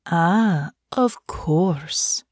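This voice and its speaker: Lady putting on a big tough guard woman, low slow teasing purr, dry close sound. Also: a little mellow, dry recording. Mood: sultry teasing. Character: big strong female guard, teasing and commanding.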